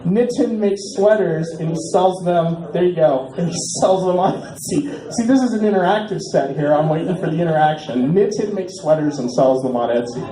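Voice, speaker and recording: A man's voice: fairly high pitch, reverberant, a crowd in the background, low-quality recording. Man in his forties doing stand-up. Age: 40s. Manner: deadpan punchlines, drawn-out repeats waiting for laughs. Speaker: stand-up comedian. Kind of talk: stand-up comedy set. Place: small bar stage.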